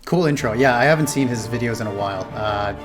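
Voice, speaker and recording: A man's voice: medium pitch, quick pace, over music. A man casually commenting on a history video, rambling and correcting himself with many fillers. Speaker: reaction video host.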